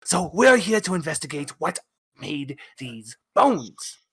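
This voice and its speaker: A man's voice: fairly high pitch, breathy edge, exaggerated voice. Man putting on a fawning fake lady investigator. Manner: fawning, drawn-out flattery. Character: man bluffing as overly polite woman investigator. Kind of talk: tabletop role-play in character.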